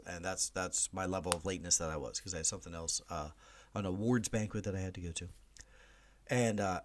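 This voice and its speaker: A man's voice: on the low side, fairly bright tone. A man hosting a movie podcast, talking casually and animatedly, with chatty jokey asides and big swings for emphasis. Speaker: podcast host.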